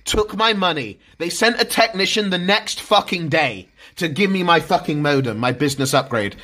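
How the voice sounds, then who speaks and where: A man's voice: on the high side, lively intonation, normal speed, pushed and bright. A man livestreaming, ranting in exasperation about his internet, swearing constantly and repeating himself. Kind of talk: frustrated livestream rant.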